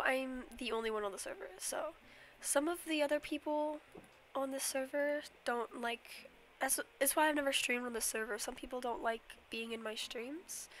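Her voice sits high and has a fairly bright tone, with a faint hiss or hum behind it. Feeling a bit sick, the young woman gives a relaxed Minecraft stream tour, rambling, giggling, apologizing and using plenty of fillers.

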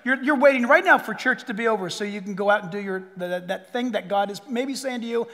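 Animated preacher in a reverberant hall. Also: male voice, high-pitched, fast talker, few pauses. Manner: animated preacher, acts out voices, drops to a hush. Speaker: pastor. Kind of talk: sermon. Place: church sanctuary.

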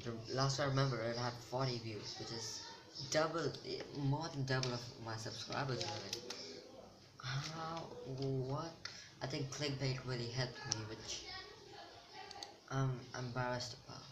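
A teenage boy vlogs to the camera at a measured pace with a medium-pitched male voice, rambling, making fun of himself, and losing his thread again and again. The home recording is noisy.

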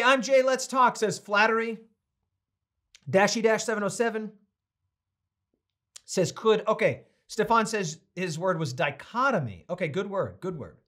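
A middle-aged male pastor with a fairly high voice teaches a Bible study. He preaches with conviction and then slips into a chatty, playful tone as he reads out viewers' comments. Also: a bit bright.

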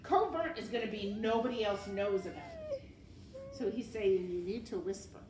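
A woman teacher reading a novel aloud expressively to her class and pausing to ask them questions. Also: mid-range voice, big pitch swings, roomy sound, far from the mic, noisy background.

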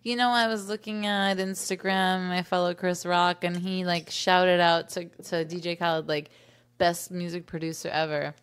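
A woman's voice: on the low side, steady tone, normal speed, clean tone. A woman from New York co-hosting a podcast, chatting casually, laughing often and swearing freely. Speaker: podcast co-host. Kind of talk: casual chat.

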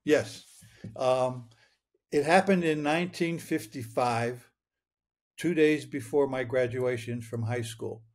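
A man's voice: medium pitch, slow, darkish tone. A man in his eighties from Michigan, a guest telling a long personal story earnestly, often repeating his words as he goes. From Michigan, United States. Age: 80s. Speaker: interview guest. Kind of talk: storytelling interview.

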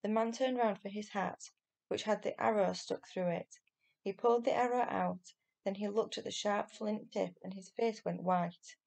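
A woman teacher reading a children's novel aloud in steady, clear storytelling. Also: medium pitch, moderate pace.

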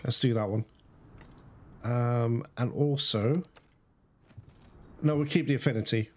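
A man giving casual gameplay commentary, talking straight to his viewers and quickly cursing when things go wrong. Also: medium pitch. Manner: talks straight to viewers, quick to curse in frustration. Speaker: gaming video host.

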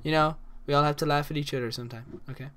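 A man's voice: on the high side, fairly even intonation, quick pace, fairly bright tone. An Irish man giving casual, rambling commentary while playing a game, full of crude jokes and asides. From Ireland. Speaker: gaming channel host.

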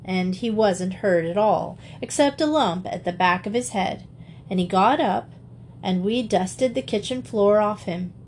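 Female audiobook reader, measured storytelling, middle pitch. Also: darkish tone, a little hiss or hum. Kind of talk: storybook narration.

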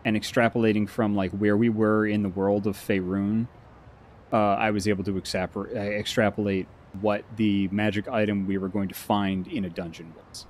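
A man's voice: on the low side, normal speed, a little hiss or hum. A man co-hosting a game stream, chatting casually and acting out other people's lines as he tells a story. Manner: animated storyteller, acts out friends' lines. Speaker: stream co-host. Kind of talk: casual chat.

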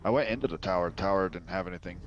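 A man's voice: sits low, very fast, muffled recording, soft background music. A man chatting casually while playing a co-op game, blunt and profane with sudden outbursts. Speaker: co-op gamer. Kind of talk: casual gameplay chat. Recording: game gunfire and clicks behind.

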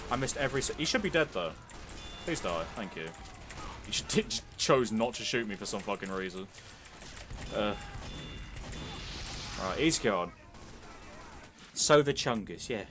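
A man's voice: fairly low pitch, lively intonation, moderate pace, pauses often, music in the background. A young man giving casual, sweary, joking commentary while streaming a game.

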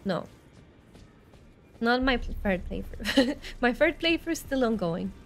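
A woman with a slightly high voice streams a game live at a measured pace, with faint music in the background. She's excitable, swinging between nervous chatter and startled yelps as she comments on her gameplay.

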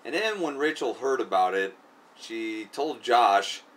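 A man's voice: mid-range voice, animated, unhurried, fairly bright tone. Man, casual profane storyteller, rambling with fillers; recorded from a distance with faint noise. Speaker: video creator.

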